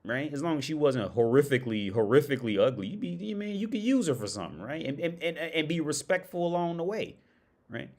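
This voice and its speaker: A man's voice: medium pitch, a little mellow. Rambling profane young man streaming. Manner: rambling, repetitive restarts, profane. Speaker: livestream host. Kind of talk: casual rambling monologue.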